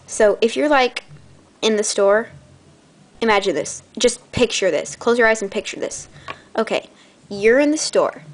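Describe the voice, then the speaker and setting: A teenage girl hosting her own channel, chatting in a bubbly, rambling way with dramatic gasps. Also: a little high. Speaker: channel host. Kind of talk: casual vlog chat.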